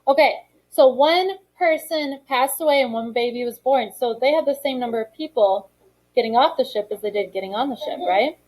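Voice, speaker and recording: A woman's voice: on the high side, brisk, darkish tone, low-quality recording. A woman teaching a social studies lesson in a classroom, reading from a textbook and talking it through with students in a conversational, encouraging way. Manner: conversational and encouraging, calls on students, frequent fillers. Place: school classroom.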